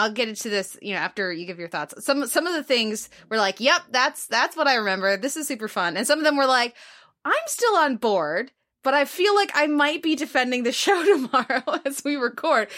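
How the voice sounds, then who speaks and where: A woman hosts a casual podcast discussion with a bright, crisp tone. She talks in long, rambling turns full of restarts. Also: a little high. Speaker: podcast host. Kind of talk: casual chat.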